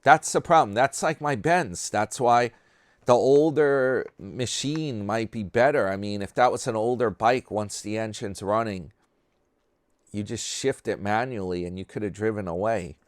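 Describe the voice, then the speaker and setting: Low-voiced sarcastic man rambling commentary. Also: unhurried, dry recording, clean studio sound. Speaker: commentary channel host. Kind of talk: casual mocking commentary.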